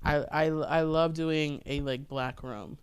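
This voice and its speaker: A woman comic chats loosely on a podcast and tells stand-up stories, slipping into quoted voices as she goes. Her voice is smooth and clean. The sound is dry and close, with no room around it. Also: sits low, takes it slowly, dry recording. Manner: animated storytelling with acted-out quotes. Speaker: stand-up comedian, podcast guest. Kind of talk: casual chat.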